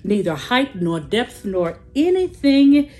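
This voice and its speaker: A woman preaching a sermon, slow and emphatic, with dramatic pauses and a sing-song rise and fall. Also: on the high side, very animated, dark tone, faint music behind.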